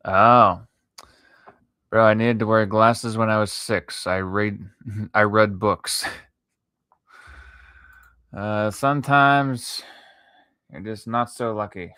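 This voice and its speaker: A man chatting casually with his viewers while he draws late at night, sleepy and yawning, swearing freely, talking to chat between long pauses. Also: lowish voice, sharp tone, clean tone, dry recording. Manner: laid-back, swears a lot, talks to chat between pauses. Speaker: art streamer.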